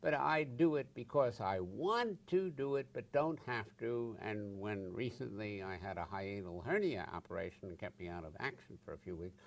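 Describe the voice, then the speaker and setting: A man's voice: fairly low pitch, animated, normal speed, gravelly, few pauses. An older man, a psychotherapist, answering interview questions bluntly and emphatically, swearing for effect. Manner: blunt, emphatic, acts out angry outbursts with swearing.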